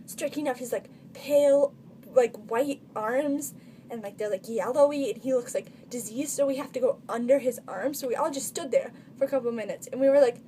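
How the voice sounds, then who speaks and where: A teenage girl chats through her funny stories for a vlog, stringing thoughts together with a constant "like." Her voice sits a little high with a mellow, soft tone. A faint background noise hums under the recording. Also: normal speed. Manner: chatty, constant filler "like". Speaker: vlogger. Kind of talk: casual storytelling vlog.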